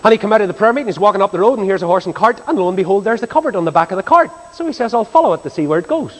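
Male preacher, high and animated, storytelling sermon, echo of a large hall. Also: rapid-fire. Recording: reverberant hall.

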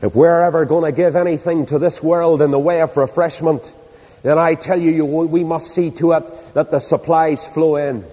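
A man preaching a sermon to a large congregation, swinging between loud exhortation and hushed appeal. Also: a little high, fairly even intonation, normal speed. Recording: long hall reverb.

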